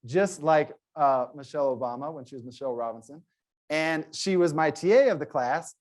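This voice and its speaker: A man, a sociology professor, giving an earnest conference presentation and telling stories, with frequent restarts. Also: on the high side.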